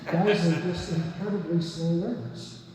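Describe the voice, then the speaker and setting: A man's voice: a little high, fairly even intonation, measured pace, warm tone. A man in his seventies, a guest speaker at a recovery meeting, telling a story and teasing the audience. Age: 70s. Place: meeting room. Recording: echoey hall from far off.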